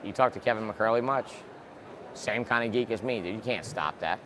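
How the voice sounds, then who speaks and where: A man's voice: lowish voice, brisk, noisy background. A man guest in a casual interview, a reptile breeder who talks bluntly and swears freely, recorded outdoors. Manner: blunt, profane and excitable.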